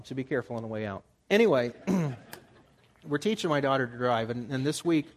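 A man in his forties giving a sermon as a pastor, talking in a conversational way and jumping higher for emphasis. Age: 40s. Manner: conversational, animated, jumps into higher pitch for emphasis.

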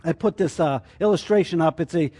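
A man's voice: on the high side, brisk, dark tone, slightly rough. A man teaching a sermon as a church teacher, explaining his points through rhetorical questions.

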